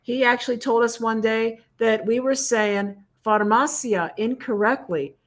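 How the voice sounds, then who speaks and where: A woman's voice: fairly high pitch, unhurried. Chatty laughing woman livestream co-host. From United States. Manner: chatty, laughs often, animated. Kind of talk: casual livestream chat.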